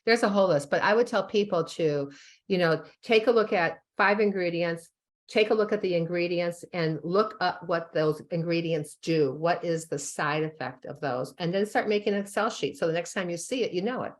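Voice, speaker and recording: A woman with a notably low voice, talking as an interview guest. She is a doctor who tells long, animated stories, scattering fillers and laughing as she goes. She sounds relaxed and conversational. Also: normal speed. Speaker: chiropractic sports physician and author, guest. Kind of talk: casual interview storytelling.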